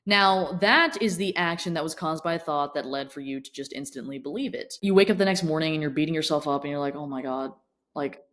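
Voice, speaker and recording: A woman's voice: low voice, fast talker, few pauses, a bit bright. A woman coach giving a blunt, tough-love motivational talk straight to camera, swearing often. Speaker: fitness and mindset coach.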